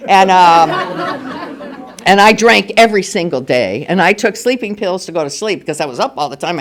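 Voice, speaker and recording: An older woman speaking at a recovery meeting, telling her personal story candidly and with humor. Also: sits low. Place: meeting room at a school.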